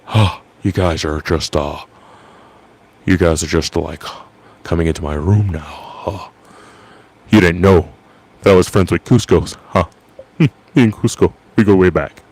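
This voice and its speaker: Brief: man impersonating a slow, deep, nasal goofball, dim and good-natured. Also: darkish tone, husky, exaggerated voice. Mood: dopey.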